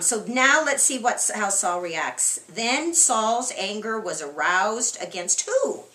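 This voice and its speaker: A woman's voice: mid-range voice, animated, slow pace, sharp tone, echoey room. A woman leading an interactive Bible study, asking her group questions and reading scripture aloud with expression. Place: room with a small group.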